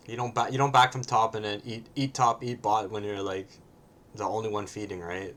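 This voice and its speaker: Casual low-pitched guy talking through his game, keeps tacking on "right?". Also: flat delivery, moderate pace, pauses often, a bit bright, a little hiss or hum. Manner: casual, ends points with a questioning "right?". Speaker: gamer reviewing his own match. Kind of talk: casual gameplay commentary.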